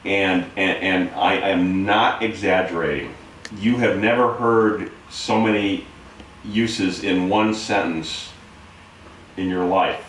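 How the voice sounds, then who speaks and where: A man's voice: low-pitched, steady tone, takes it slowly, a bit bright, slight background noise. A man, a navy veteran interviewing a relative, telling an anecdote with emphatic asides. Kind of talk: casual storytelling. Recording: very echoey room, distant mic.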